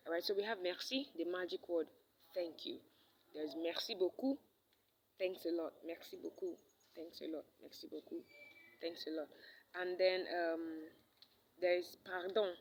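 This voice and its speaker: A woman teaches French to beginners in a recorded lesson. Her voice sits on the low side, and she repeats each example phrase and checks in with "all right?". A faint hum of background noise runs under the recording. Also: poor audio.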